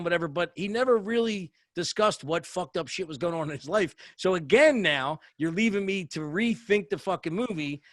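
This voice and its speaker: A man's voice: sits high, a bit bright, no room sound. A man co-hosting a podcast, rambling in casual chat and swearing heavily for emphasis. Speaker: podcast co-host.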